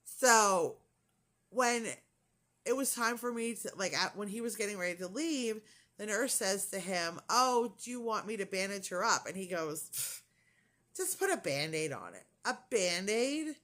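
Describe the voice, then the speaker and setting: A middle-aged woman chatting to her camera in a casual vlog. She tells her story in an indignant, talkative way, acting out what other people said to her. Her voice sits at an ordinary pitch for a woman. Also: moderate pace, bright, forceful tone. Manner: chatty and indignant, quoting others, frequent likes and sighs. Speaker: vlogger.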